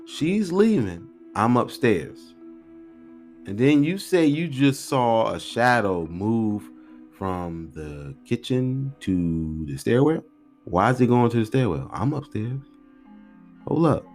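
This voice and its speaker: A man in his thirties hosting a podcast, telling stories in a rambling, slangy, animated way. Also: mid-range voice, slow, faint music behind. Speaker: podcast host. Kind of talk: casual storytelling podcast.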